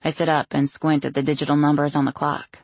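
Woman reading an audiobook in first person, gravelly husky voice, wry and anxious. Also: low-pitched, little pitch movement, fast talker, no echo. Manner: wry, anxious inner monologue. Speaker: audiobook narrator.

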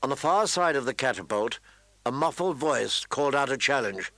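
A man narrates a novel for an audiobook, reading from the script in an even, measured way. His pitch is medium and there's no echo in the recording.

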